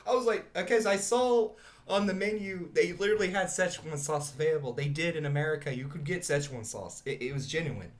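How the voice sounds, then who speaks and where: A man's voice: fairly high pitch, a little fast. A man hosting a podcast in casual, rambling chat, laughing often and swearing casually. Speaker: podcast host.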